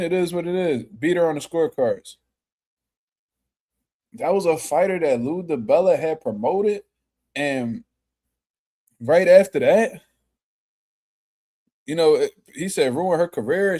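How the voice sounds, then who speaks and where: Casual male reaction host, slangy and animated, slightly higher voice. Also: slightly rough. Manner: slangy, animated, laughs loudly. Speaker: boxing commentator.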